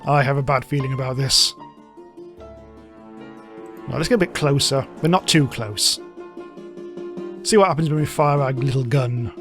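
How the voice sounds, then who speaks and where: A man's voice: on the high side, moderate pace, pauses often, faint music behind. A man giving casual, chatty gameplay commentary, reading game text aloud and laughing often. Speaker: let's play host.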